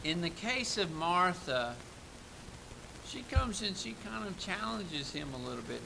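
A man preaching a sermon with earnest emphasis, rising for key points and dropping soft and reflective between them. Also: high voice, sing-song, unhurried, gravelly, background noise.

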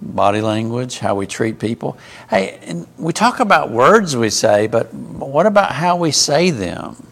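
Gravelly-voiced man teaching a Bible class. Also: medium pitch, sing-song, a little slow, fairly bright tone. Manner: conversational, asks the group questions.

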